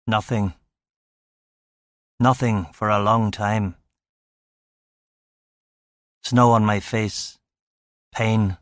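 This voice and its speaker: A man's voice: mid-range voice, no echo, studio quality. A man narrating a first-person crime novel in clipped, terse fragments. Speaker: audiobook narrator.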